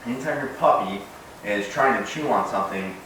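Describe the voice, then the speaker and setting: A dog trainer with a voice on the low side talks briskly through a casual instructional demo, relaxed and explaining as he trains. He issues bright, sharp commands to the puppy. The recording, made at a distance in a very echoey room, has a little hiss or hum.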